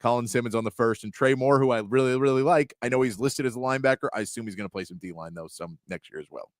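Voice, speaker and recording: A sports talk show host with a medium-pitched voice speaks quickly in a dry, clean studio recording. He reads long lists of player names between chatting, occasionally stumbling over one.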